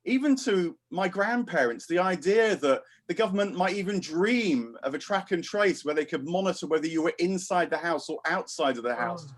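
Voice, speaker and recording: A man's voice: high voice, lively intonation, normal speed, hardly any pauses. A British man giving a thoughtful, meandering talk over a video call. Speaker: philosophy speaker.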